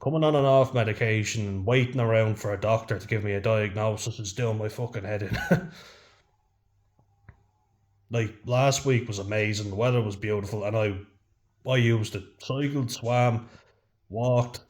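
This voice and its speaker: A man's voice: on the low side, fairly even intonation, moderate pace, pauses often, a little mellow. An Irish man vlogging to camera in a frank, casual chat, swearing freely and saying "you know" often.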